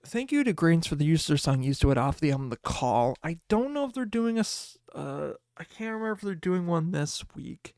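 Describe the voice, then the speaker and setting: A man's voice: on the high side, sing-song, fairly quick, few pauses, a little mellow, no room sound, studio quality. A man hosting his own podcast late at night, talking casually and rambling with trailing thoughts, tired and yawning. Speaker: podcast host. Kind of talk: casual solo podcast talk.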